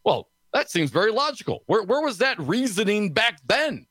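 A man co-hosting a political talk radio show in a studio, sarcastic and snarky, talking fast with lots of restarts. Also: high-pitched, big pitch swings, a bit bright, no echo.

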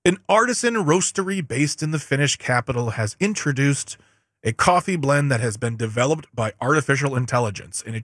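A man's voice: on the high side, a bit bright, no echo, clean studio sound. A man co-hosting a podcast, reading news headlines aloud in casual chat and breaking off for joking asides and stumbles. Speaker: podcast co-host.

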